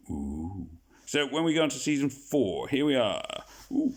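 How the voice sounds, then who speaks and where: A man's voice: low voice, big pitch swings, unhurried, creaky, breathy edge. A man hosting a casual gaming video, rambling and joking at his own expense. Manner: rambling, jokey, self-deprecating. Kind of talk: casual game commentary.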